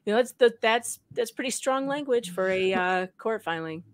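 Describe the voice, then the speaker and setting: A woman's voice: a little high, expressive, moderate pace, dry recording, clean studio sound. A woman co-hosting a podcast about a court case, talking emphatically and repeating key points for stress. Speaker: podcast co-host, legal commentator. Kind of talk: casual legal commentary.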